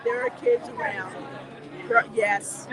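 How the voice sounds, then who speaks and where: A woman's voice: mid-range voice, fairly even intonation, slow. A woman hosting a casual theme park livestream, chatting and laughing with her viewers as she walks through a queue. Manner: chatty, laughing, talks back to viewer comments. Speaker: livestream host. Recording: busy crowd noise outdoors. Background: crowd chatter.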